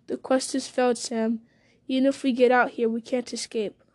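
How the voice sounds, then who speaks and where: A woman reading the part of a weary, frightened young male hobbit with an anguished, halting delivery. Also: on the high side, level tone, natural voice. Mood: despairing.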